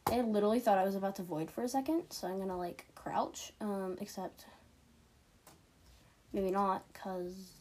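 Breathy girl chatting over a game. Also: mid-range voice, steady tone, normal speed, a little mellow. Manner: chatty, giggly, self-mocking. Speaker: gaming streamer. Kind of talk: casual gameplay commentary.

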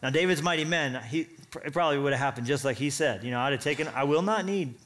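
A man's voice: mid-range voice, rapid-fire. A man preaching a sermon, telling a story with casual asides and acting out what each character says. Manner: animated storytelling, acts out characters' lines. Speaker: pastor.

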